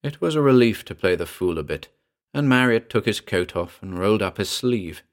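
Male audiobook narrator, low voice, quiet measured delivery of a ghost story. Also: lively intonation.

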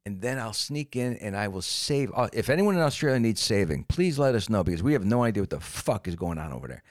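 A man co-hosting a casual comedy podcast, animated and profane, bursting into loud mock-defiant outbursts. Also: lowish voice, fast. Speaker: podcast co-host.

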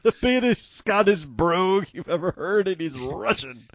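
A man's voice: sits high, animated, normal speed, fairly bright tone, no echo, lo-fi sound. A man co-hosting a casual podcast, laughing often and talking with animation. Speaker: podcast co-host. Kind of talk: casual chat.

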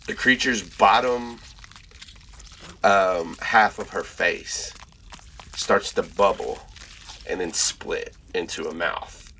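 A man narrating a tabletop horror game as game master, describing a transformation slowly with many fillers and pauses. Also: deep voice, sharp tone, a little hiss or hum.

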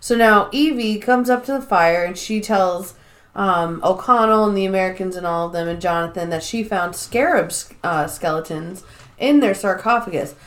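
A woman's voice: medium pitch, moderate pace. Swearing woman recapping a movie. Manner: animated storytelling, heavy swearing. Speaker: podcast co-host. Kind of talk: casual chat recapping a film.

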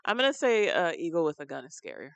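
A woman's voice: on the low side, huge pitch swings, quick pace, creaky, dry recording. A woman co-hosting a podcast, thinking aloud with some hesitation in casual banter. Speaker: podcast co-host. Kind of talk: casual chat.

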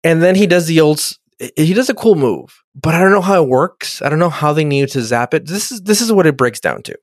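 A man's voice: fairly high pitch, lively intonation, fairly quick, no echo, studio quality. Rambling, profane man recapping a show. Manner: rambling, acts out characters in mock voices. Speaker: podcast co-host recapping a TV episode. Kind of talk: casual profane chat.

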